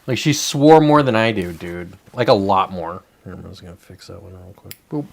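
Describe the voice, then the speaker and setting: A man's voice: low voice, animated, moderate pace, creaky, a little hiss or hum. A man ranting on a casual livestream, frustrated and profane, rambling with many restarts. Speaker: livestreamer and real estate agent.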